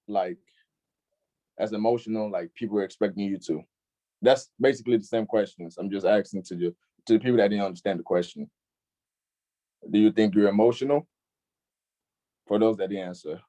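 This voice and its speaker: Brief: young male youth-group host, low mellow voice, laid-back, keeps saying "facts.". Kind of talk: casual online group discussion.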